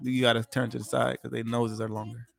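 A man hosting a casual chat show, joking and teasing his guests with loud bursts. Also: medium pitch, flat delivery, fast talker, gravelly, over music. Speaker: podcast host.

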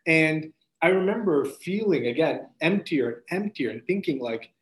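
A man, a podcast guest, earnestly telling his personal faith testimony as a story, with restarts and soft laughs. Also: on the high side, lively intonation, moderate pace. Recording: roomy echo.

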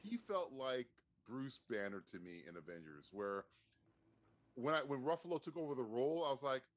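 Excitable male podcast co-host, lively voice, casual and profane. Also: normal speed. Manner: excitable, swears often, jumps between pitches. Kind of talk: casual movie review chat.

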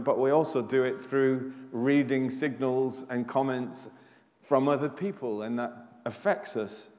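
A man preaching a sermon as pastor, animated and rising to loud emphasis on his questions. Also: mid-range voice. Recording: live church recording with long hall reverb.

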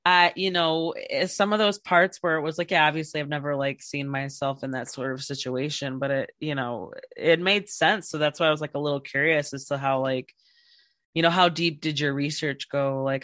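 A woman's voice: extremely low pitch, a bit bright, no echo, studio quality. A woman hosting a podcast interview, talking in a rambling, casual way with many fillers and restarts. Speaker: podcast host.

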